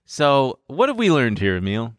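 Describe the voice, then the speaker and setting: A man's voice: medium pitch, huge pitch swings, normal speed, no echo, clean studio sound. A young man hosting a casual podcast, joking around and rambling as he explains his trades. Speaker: podcast host. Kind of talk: casual crypto chat. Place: studio.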